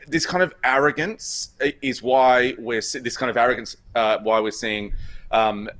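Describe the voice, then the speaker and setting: A man's voice: mid-range voice, fairly bright tone. A man giving opinion commentary on a news panel, emphatic and often repeating words.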